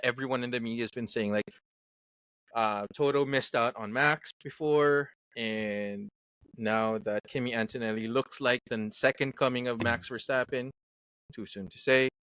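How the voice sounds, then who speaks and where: A man's voice: mid-range voice, steady tone, normal speed, a bit bright, smooth, no echo. A man from Canada with a mid-range voice, co-hosting a casual podcast. He talks in a hesitant way, full of ums and restarts, and the sound is close and dry. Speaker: podcast co-host. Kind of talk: casual chat.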